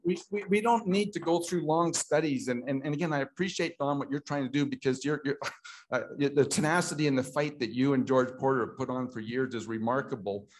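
A man's voice: medium pitch, fairly quick. A middle-aged Canadian man giving an impassioned talk at a political meeting, repeating himself and restarting often as he grows emotional.

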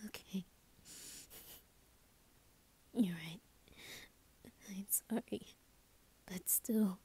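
A worried, tender young woman, played by a woman, murmurs reassurance in a whispered role-play. Her voice is extremely breathy and husky, with a dark, mellow tone. She speaks softly and anxiously, checking again and again that her partner is all right. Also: mid-range voice, very slow, exaggerated voice. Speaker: ASMR role-play creator.

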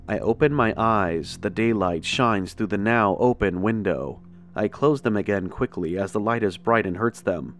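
A man telling a first-person horror story in a steady, measured narration. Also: on the low side, soft background music.

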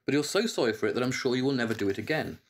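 A man reading aloud the lines of an earnest, kind young girl, lifting his pitch a little. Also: lively intonation, racing. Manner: read aloud from a book, lifted pitch.

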